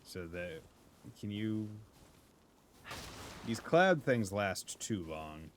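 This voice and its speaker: A man's voice: on the low side, very animated, very slow, a little hiss or hum. Laid-back male game streamer. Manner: laid-back, joking, muttering asides. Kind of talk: casual live gameplay commentary.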